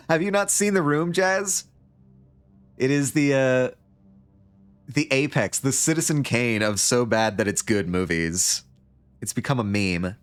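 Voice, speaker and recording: A man's voice: mid-range voice, a little slow, long pauses, clean tone, soft background music. A man livestreaming a story game, reading it aloud and joking along in a rambling, casual way. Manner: joking, rambling, with frequent laughs. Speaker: streamer.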